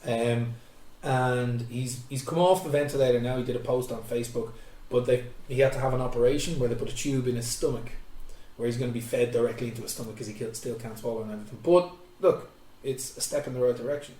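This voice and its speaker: A man's voice: mid-range voice, quick pace, warm tone. Chatty male host, off-mic in an echoey room. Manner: frank, chatty, laughs often. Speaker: podcast host. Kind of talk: casual chat. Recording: distant roomy mic with faint noise.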